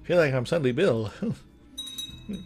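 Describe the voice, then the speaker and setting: A man's voice: mid-range voice, animated, normal speed, darkish tone, soft background music. A young man giving casual let's-play commentary, rambling, mumbling and chuckling to himself as he plays. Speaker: gameplay commentator. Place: indoor room with loud trucks outside.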